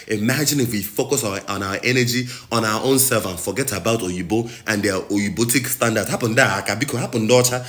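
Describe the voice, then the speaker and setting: A Nigerian man delivers a passionate commentary with a bright, forceful tone. His pitch swings widely as he repeats phrases and presses each point like a sermon. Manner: impassioned, rhetorical, preachy, repeats phrases for emphasis. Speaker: host.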